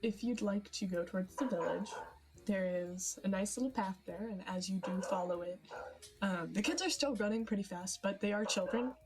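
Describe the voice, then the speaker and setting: A woman's voice: medium pitch, normal speed. A young woman narrating a tabletop fantasy game as game master, hesitant with many fillers and frequent giggles. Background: background music.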